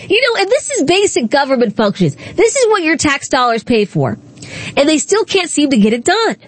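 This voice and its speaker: A woman's voice: high voice, sing-song, brisk. A woman hosting a talk radio show, chatting in an emphatic, conversational way.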